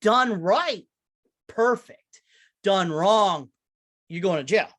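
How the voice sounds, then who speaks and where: A woman's voice: mid-range voice, lively intonation, slow pace. A woman chatting loosely on a podcast, full of fillers and swearing. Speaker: podcast co-host. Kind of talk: casual chat.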